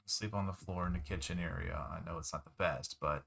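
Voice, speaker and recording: A man with a lowish voice runs a tabletop game as its game master. His narration is relaxed and wry, with casual fillers. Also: fast, gravelly.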